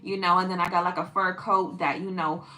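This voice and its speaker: A woman's voice: fairly low pitch, little pitch movement, a little fast, sharp tone, faint music behind, voice pushed down. A woman voicing a brash young mafia girl with a put-on New York Italian-American accent, talking in a swaggering, chatty way.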